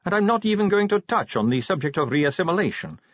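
A man's voice: high-pitched, big pitch swings, quick pace, fairly bright tone, no echo, pitched above the performer's own voice, full character voice. A man voicing a cheeky, teasing young female vampire constable in a chatty, breezy manner. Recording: dull lo-fi recording.

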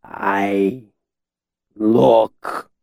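A man doing a dazed mercenary, slow and thick. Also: lowish voice, fairly even intonation, vocal fry, a little mellow, no room sound, clean studio sound, exaggerated voice. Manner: halting, slow, thick-voiced. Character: dazed, befuddled male mercenary.

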